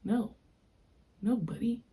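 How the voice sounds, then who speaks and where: A young woman hosting a podcast, telling a personal story in an animated, slangy, frank way. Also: on the high side, slow. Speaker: podcast host. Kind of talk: casual storytelling.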